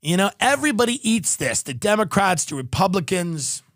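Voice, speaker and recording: A male podcast host tears through a comedic ad read with a sarcastic, rambling, profane edge. His voice sits high for a man and sounds close and dry. He drifts from one tangent to the next. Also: very animated, moderate pace, a bit bright, dry recording.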